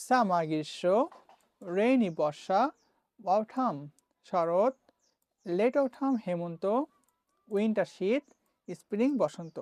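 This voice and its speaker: A woman with a Bangladeshi accent teaching English vocabulary, repeating each word slowly for learners to copy. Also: medium pitch, expressive, a little mellow, dry recording, clean studio sound.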